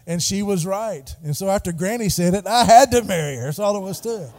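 A man's voice: sits high, lively intonation, fairly quick, a little mellow. A middle-aged man preaching a sermon in a church, calling on the congregation to repeat words back to him. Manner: call-and-response preaching, prompting the congregation. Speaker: pastor. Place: church sanctuary. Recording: long hall reverb.

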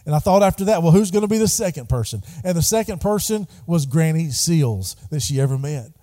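A man's voice: fairly high pitch, expressive, a little fast, warm tone. A middle-aged man preaching a sermon in a church, calling on the congregation to repeat words back to him. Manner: call-and-response preaching, prompting the congregation. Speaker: pastor. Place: church sanctuary. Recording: long hall reverb.

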